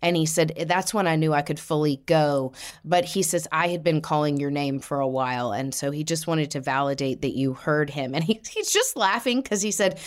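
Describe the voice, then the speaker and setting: Lady medium doing a reading, low-ish voice, jumps way up when she acts out what the spirit says. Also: normal speed. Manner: animated, voices the spirit's words with sudden high jumps. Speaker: psychic medium.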